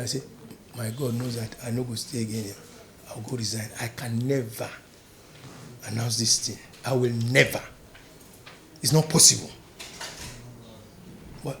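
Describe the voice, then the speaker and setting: An older Nigerian man in an interview, telling a long story in a mix of pidgin and English, dropping to a low murmur and then rising loud and emphatic. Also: slight background noise. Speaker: interview guest.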